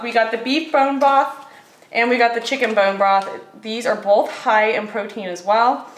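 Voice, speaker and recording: A young woman chatting casually as she tastes and reviews grocery finds, upbeat and quick, with lots of fillers. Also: fairly high pitch, steady tone, roomy sound, low-quality recording.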